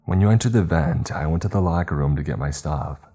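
A man's voice: very deep voice, brisk, warm tone, breathy edge, faint music behind. A man voicing a wary young woman who answers defensively and firmly, reading the story aloud. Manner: defensive, guarded replies. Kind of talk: storytelling narration.

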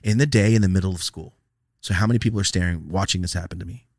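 A man's voice: sits low, very fast, no echo, clean studio sound. A young man hosting a casual podcast, telling a profane story and acting out the voices of the people in it.

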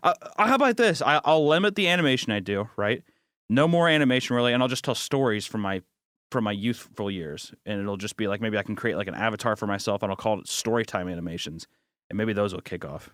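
A man's voice: on the low side, quick pace, dry recording, clean studio sound. A man who is an animator co-hosting a comedy podcast, telling stories in casual banter and acting out quotes. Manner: animated storyteller, acts out quotes.

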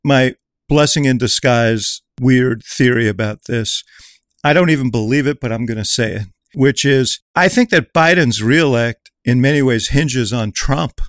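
A man's voice: mid-range voice, measured pace, no room sound, clean studio sound. A man in a political panel discussion, chatty and anecdotal. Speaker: political commentator.

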